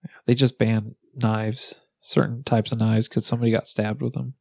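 A man's voice: medium pitch, level tone, normal speed, gravelly, warm tone, no room sound. A man co-hosting a podcast in casual chat, with dry wisecracks. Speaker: podcast co-host.

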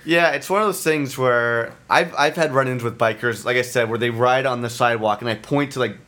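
A man's voice: mid-range voice, brisk. Casual, swearing male storyteller. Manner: animated storyteller, swears freely, acts out quotes.

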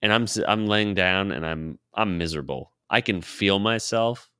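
A man casually telling a long personal story, laughing often, swearing freely and quoting himself in a low mutter. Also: normal speed, pushed and bright, smooth, no echo, clean studio sound. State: sore throat.

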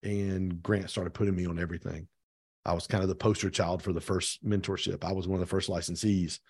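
Middle-aged male guest, low-pitched, dry close sound, animated storyteller who voices the dialogue. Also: brisk, husky, no echo. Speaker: podcast guest, real estate team owner. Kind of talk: casual storytelling interview.

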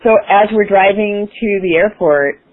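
A woman's voice: mid-range voice, measured pace. A woman guest in an interview, telling a personal story with enthusiasm, laughing and acting out her past self. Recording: phone-like radio broadcast.

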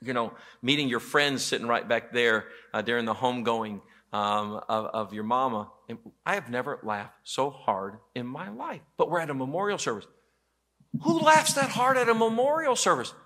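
Male pastor preaching a sermon, bright tone, animated storyteller. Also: mid-range voice, moderate pace, few pauses. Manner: animated storytelling with quoted voices. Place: church auditorium.

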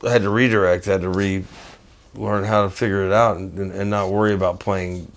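An older man and guest musician telling animated, profane stories in a rambling way, full of restarts. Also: sits low, a little fast. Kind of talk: casual storytelling.

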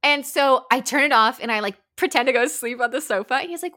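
A woman hosting a podcast, telling a story in casual chat, animated, swearing and saying "like" a lot. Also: on the high side, brisk, few pauses. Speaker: podcast host.

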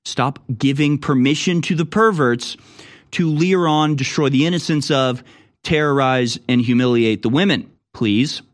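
At a measured pace, a medium-pitched political talk show host reads the news aloud and answers it with indignant, mocking remarks. When quoting people, he slips into impressions of their voices.

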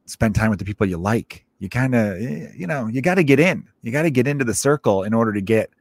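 A man's voice: mid-range voice, expressive, quick pace, no room sound. A man in his thirties hosting a podcast, telling stories in a rambling, profane way, often breaking off mid-sentence. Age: 30s. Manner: rambling, profane, self-interrupting. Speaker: podcast host. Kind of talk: casual storytelling monologue.

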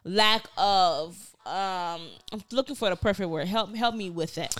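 A young adult woman co-hosting a casual pop-culture podcast, blunt and animated in her talk. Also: mid-range voice, unhurried, no echo. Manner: blunt, animated, laughs along. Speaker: podcast co-host.

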